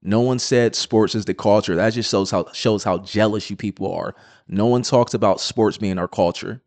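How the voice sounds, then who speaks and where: A man's voice: lowish voice, moderate pace, a little mellow, no room sound. A man giving combative, insistent reaction commentary on a clip.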